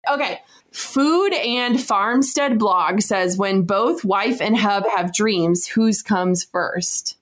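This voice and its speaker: A woman's voice: medium pitch, takes it slowly. Chatty woman co-hosting a couple's chat. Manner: chatty, laughs often, says "like" a lot. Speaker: podcast co-host.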